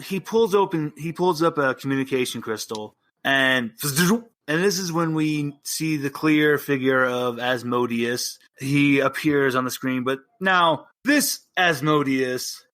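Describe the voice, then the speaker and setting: A man running a tabletop wrestling role-play as game master, narrating and switching quickly between characters. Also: a little high, fairly bright tone.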